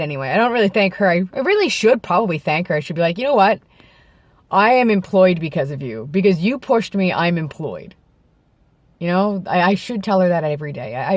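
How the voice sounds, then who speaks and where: A man with a gravelly voice worn by vocal nodes, a bit hoarse from throat clearing, talking candidly to camera outdoors in a reflective, halting way. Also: on the high side, dry recording. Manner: reflective and halting, with restarts and self-corrections. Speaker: vlogger. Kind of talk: candid personal talk to camera. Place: outdoors in bright daylight.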